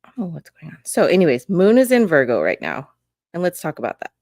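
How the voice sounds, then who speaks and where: With a fairly low, darkish voice that swings wildly in pitch, this astrology podcast host and reader talks fast in a chatty, rambling way, forever interrupting herself. The casual at-home camera recording sounds clean, studio-grade, and echo-free.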